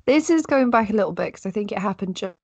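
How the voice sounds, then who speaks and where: Gravelly young woman. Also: medium pitch, expressive, quick pace, warm tone, no echo. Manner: laid-back, laughs often, blunt remarks. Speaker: podcast co-host. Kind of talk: casual chat. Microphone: video call.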